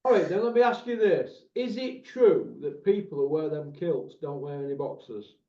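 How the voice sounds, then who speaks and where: A lively man chats loosely, his voice sitting a little higher than most men's. He banters, swears and rambles between jokes. The sound is dull and lo-fi. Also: moderate pace, reverberant. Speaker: channel host. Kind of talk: casual chat.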